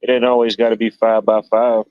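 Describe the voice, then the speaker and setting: A man's voice: lowish voice, little pitch movement, brisk, dry recording, highs cut off. Rambling joking male stream host. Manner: rambling, joking, lots of "you know". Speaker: livestream host. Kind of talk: casual chat.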